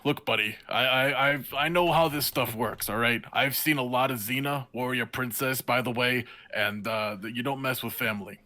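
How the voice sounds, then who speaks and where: A man giving joking color commentary on a wrestling match, rambling and halting with many fillers. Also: mid-range voice, fairly even intonation, bright, forceful tone.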